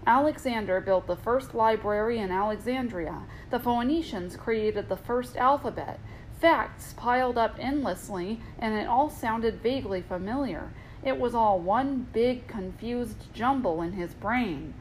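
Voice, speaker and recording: A woman reads a bedtime story aloud in a gentle, playful manner. Her voice sits fairly high, with a faint hiss of noise behind it. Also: unhurried, poor audio. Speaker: host and storyteller.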